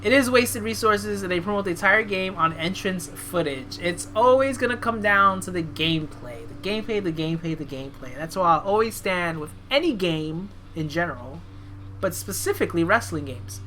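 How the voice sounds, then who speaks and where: A chatty streamer from Brooklyn with a bright, forward voice that cuts through clearly. She talks casually over gameplay and keeps poking fun at her own clumsy accent attempts. Her tone stays loose and conversational. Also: fairly low pitch, expressive, normal speed. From Brooklyn, New York. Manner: chatty, reads game text aloud and jokes about own bad accents. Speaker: game streamer. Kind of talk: casual stream commentary while reading game dialogue.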